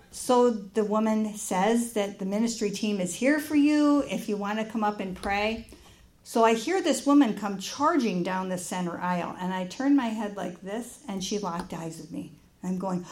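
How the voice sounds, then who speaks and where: A woman preaching in a church, telling a personal story with lively acted-out dialogue. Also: medium pitch. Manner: animated storytelling, acts out dialogue.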